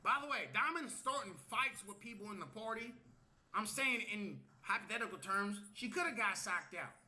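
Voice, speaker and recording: Guy telling a wild story on a live stream, high voice, keeps saying okay?, cussing and doing everyone's lines. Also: lively intonation, moderate pace, sharp tone. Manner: tags lines with "okay?", swears, acts out quotes. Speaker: storyteller on a livestream. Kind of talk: casual storytelling.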